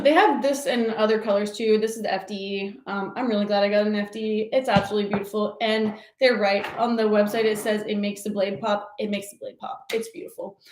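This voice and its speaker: A woman's voice: mid-range voice, a little mellow. A woman hosting a casual livestream show and tell, gushing and laughing often as she talks. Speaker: livestream host. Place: home office. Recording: echoey room with faint noise.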